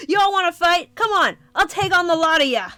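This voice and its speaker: A woman voicing a brash, hot-tempered male creature who brawls, talking loud and cocky as she reads a comic aloud. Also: very high voice, animated, fairly quick, dry recording, soft background music, voice pushed up, exaggerated voice. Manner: loud, cocky, picks fights.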